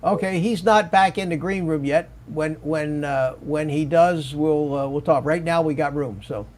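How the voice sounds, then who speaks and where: A man's voice: fairly high pitch, normal speed, darkish tone. Older man hosting, rambling talk. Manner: rambling, restarts often. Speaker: livestream host. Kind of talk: casual panel chat.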